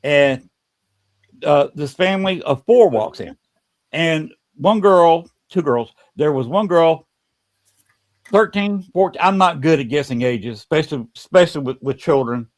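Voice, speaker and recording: A man hosting a podcast, telling a story in a casual, halting way and often repeating words. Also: on the high side, animated.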